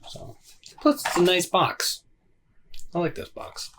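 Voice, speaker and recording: A man's voice: high-pitched, expressive, slow, background noise. A man hosting a casual solo whisky review, rambling and hesitant with plenty of fillers and self-deprecating asides.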